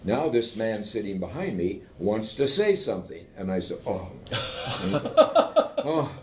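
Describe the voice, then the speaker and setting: Lower-voiced man telling lively anecdotes, roomy. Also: a little slow. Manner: animated anecdotes, keeps checking in with "okay?". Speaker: invited professor speaking with entrepreneurs. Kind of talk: conversational storytelling. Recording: roomy echo with faint rumble.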